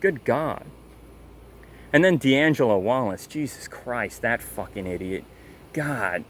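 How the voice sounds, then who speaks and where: A man in a loose, heated rant, swearing freely and mocking as he goes. His voice sits at an ordinary middle pitch, and a faint hum of noise runs underneath. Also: lively intonation, takes it slowly, long pauses. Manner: angry, profane, mocking. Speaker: commentator. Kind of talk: casual rant.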